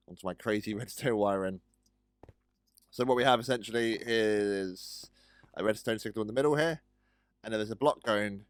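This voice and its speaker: A man casually commenting on a building game, chatty and hesitant, often talking to his in-game pets. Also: on the low side. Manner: chatty, talks to pets, hesitant with many ums. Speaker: gaming video host.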